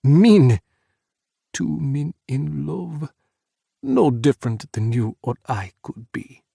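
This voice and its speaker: A man's voice: a little high, very animated, takes it slowly, creaky, dark tone, husky, dry recording, studio quality, heavily acted. A man voicing a passionate male president pleading with the one he loves. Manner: pleading, breathless.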